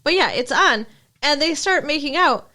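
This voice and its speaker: Female podcast co-host, sarcastic recapper, higher voice with a lively, swinging pitch. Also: normal speed. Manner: chatty, sarcastic, lots of "like". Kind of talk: casual recap chat.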